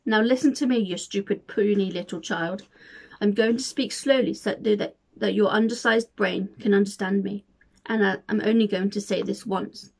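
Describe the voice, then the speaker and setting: A woman's voice: mid-range voice, fairly even intonation, moderate pace, creaky, darkish tone. A woman putting on a wicked, posh villain cackling with glee. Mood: menacing.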